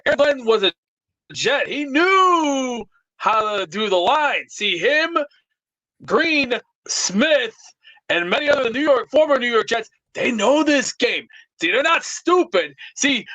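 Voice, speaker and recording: High-voiced brash man ranting on a call. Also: dry recording. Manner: brash, loud, rambling tough-guy bluster. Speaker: show caller. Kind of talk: comedic call-in rant. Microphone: remote internet call. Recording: lo-fi internet call audio.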